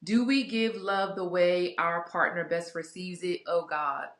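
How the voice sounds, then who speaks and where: A candid, chatty woman speaks to her viewers in a casual vlog, her voice sitting a little low. She rambles warmly through asides and fillers. The sound carries a noticeable room echo. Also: steady tone, unhurried. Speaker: vlogger sharing a couples Bible study. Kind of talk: casual reflective talk to camera. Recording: echoey room.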